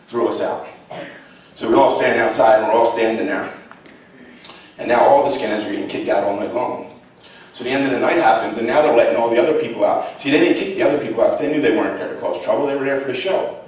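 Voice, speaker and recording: A man, telling blunt, profane stories to students with laughs along the way. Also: mid-range voice. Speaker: guest speaker. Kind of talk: storytelling talk to students. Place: college lecture hall. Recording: echoey hall, distant mic.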